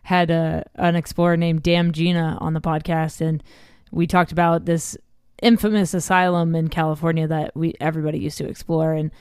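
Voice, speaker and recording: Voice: mid-range voice, little pitch movement, normal speed, a little mellow, smooth, dry recording, clean studio sound. A podcast host interviewing a guest in a laid-back, encouraging way. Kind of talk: casual interview chat.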